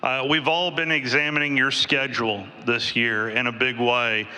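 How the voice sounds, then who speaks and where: A man who is a radio sports reporter asking a press-conference question, polite and a little halting, with "uh" fillers. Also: medium pitch, level tone, pushed and bright, in a large hall, low-quality recording.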